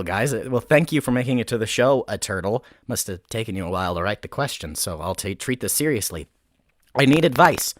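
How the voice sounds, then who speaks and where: A man's voice: mid-range voice, a bit bright, no room sound. A young man hosting a casual advice livestream from a makeshift home studio, joking around and rambling, often correcting himself. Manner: playful, rambling, self-correcting jokey talk. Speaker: host of an advice show.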